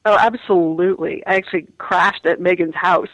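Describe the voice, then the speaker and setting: A woman's voice: lowish voice, fairly even intonation, moderate pace, dull audio, background noise. A woman, an actress, chatting in an interview, laughing often and restarting her words. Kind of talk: casual interview chat.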